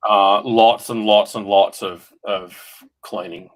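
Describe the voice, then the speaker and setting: A man hosting a casual podcast, telling a story in a relaxed, hesitant way. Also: lowish voice, slow, rough recording.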